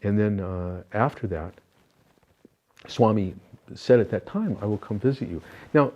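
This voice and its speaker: A man's voice: lowish voice, expressive, measured pace, dull audio, a little hiss or hum. An older man being interviewed, recounting personal spiritual experiences in an earnest, reflective way, with many fillers and restarts. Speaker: interview guest.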